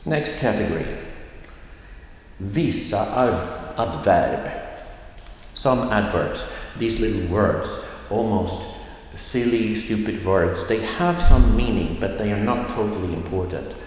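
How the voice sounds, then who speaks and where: A man teaching a language lesson, explaining slowly with many fillers and repeating example phrases aloud. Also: lowish voice, lively intonation, darkish tone. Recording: echoey room with long reverb.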